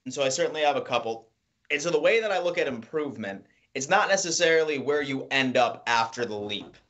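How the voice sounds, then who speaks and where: A man co-hosting a sports show, giving measured, emphatic football analysis. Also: medium pitch, animated, a bit bright, muffled recording. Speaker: sports podcast co-host.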